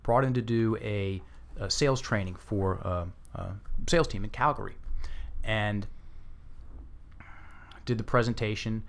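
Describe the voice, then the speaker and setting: Animated man telling a coaching story. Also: fairly low pitch, a little slow, gravelly, long pauses. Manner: animated, acts out quotes, frequent restarts. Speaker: guest, language coach. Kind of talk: conversational storytelling interview.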